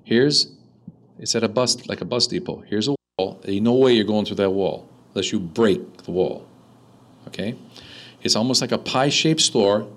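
A man who is an Orthodox priest, giving a sermon with lively storytelling and quoted dialogue. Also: lowish voice, moderate pace, low-quality recording.

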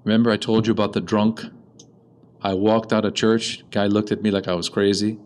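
Orthodox priest, male, low-ish voice; chatty anecdotal sermon, light room noise. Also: fairly quick, rough recording. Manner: conversational, animated storytelling with quoted dialogue. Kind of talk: storytelling sermon.

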